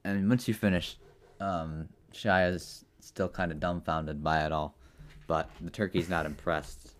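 A young man co-hosting a comedy podcast, setting up an absurd scenario in a deadpan way with many pauses and ums. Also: low-pitched, a little hiss or hum. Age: young adult. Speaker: podcast co-host running the improv scenario. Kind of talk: casual improv chat.

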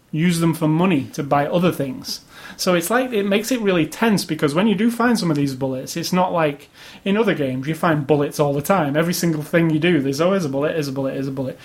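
A man casually chatting about video games as a podcast co-host, opinionated and rambling. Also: fairly high pitch. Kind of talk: casual chat.

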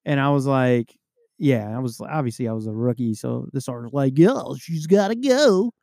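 A man with a gravelly, fry-edged voice trades stories from his police work in loose, profane podcast chat. He tells them with animation and drops into voices for the people in them. The sound is close and dry. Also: medium pitch, steady tone, fairly quick, darkish tone, no room sound. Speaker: police officer podcast co-host.

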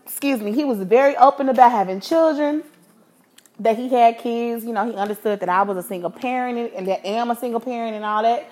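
A woman in her thirties, a podcast host telling a personal story in a frank, animated, profane way. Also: fairly high pitch, quick pace. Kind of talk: candid storytelling.

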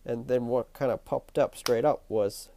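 A man hosting his own podcast with a stuffy, nasal voice and a croaky throat, musing in a reflective spiritual monologue and repeating his phrases as he thinks aloud. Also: mid-range voice, steady tone, normal speed, dark tone, slight background noise. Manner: musing, repeats phrases, chuckles between thoughts. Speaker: podcast host. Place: at home at night.

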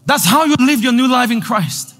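High, bright-voiced preacher man. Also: lively intonation, moderate pace, soft background music. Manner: emphatic repetition, rising to loud declarations. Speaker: pastor. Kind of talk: sermon.

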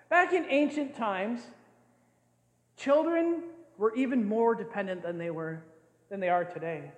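An older man preaching a sermon as a pastor, playful and often laughing as he acts out scenes. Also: very high voice. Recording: echoey hall with long reverb.

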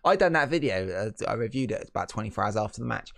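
A British man co-hosting a wrestling podcast, animated and sarcastic, exclaiming loudly. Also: on the low side, quick pace, gravelly. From Britain. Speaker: co-host. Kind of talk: casual chat.

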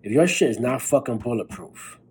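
A man's voice: mid-range voice, expressive, brisk, slightly rough, rough recording. A young man hosting a podcast, giving a blunt, profane motivational monologue late at night while tired. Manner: blunt, profane, fired-up pep talk. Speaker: podcast host.

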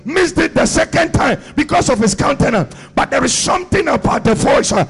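Preaching charismatically to a church congregation, a man commands blessings over them, shouting rhythmic, repeated lines linked by "uh." He sounds very high-pitched, animated, brisk and creaky, with soft background music on a low-quality recording.

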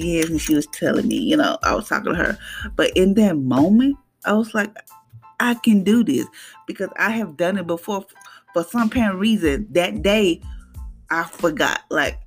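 Earnest gravelly woman preaching over soft music. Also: fairly low pitch. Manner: earnest, preachy, tells personal stories with quoted dialogue. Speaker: podcast host. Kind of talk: casual devotional talk.

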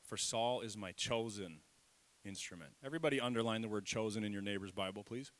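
Lively low-voiced male pastor preaching. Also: a little fast. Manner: lively, self-deprecating, leads congregation call-and-response. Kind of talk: sermon. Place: church sanctuary.

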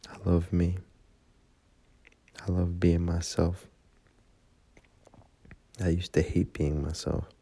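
A drunk man talks slowly into his phone, rambling and swearing. His voice sits very low and dark, with a husky, gravelly edge. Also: flat delivery. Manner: rambling, profane, heartfelt. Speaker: voice memo rambler.

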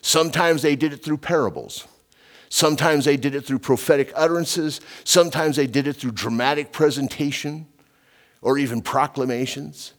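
A man's voice: fairly high pitch, normal speed. A middle-aged man preaching an informal verse-by-verse sermon, emphatic and chatty, often slipping in "you know" and stepping off his notes. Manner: conversational, emphatic, digressive, with frequent "you know". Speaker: preacher and radio Bible teacher.

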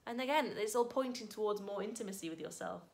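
A woman speaks straight to her camera in a casual vlog, her voice at a middle pitch. She sounds gentle and grateful, musing quietly, then lifting into bright bursts of enthusiasm. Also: fast. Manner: warm, grateful, softly reflective with sudden bright bursts. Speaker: vlogger.

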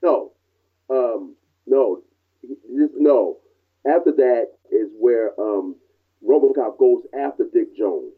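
An agreeable man chats casually as the host's father and guest, with a husky voice and lively rises and falls in pitch. He sounds tinny, like a phone line. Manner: agreeable, quick to chime in. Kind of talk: casual chat.

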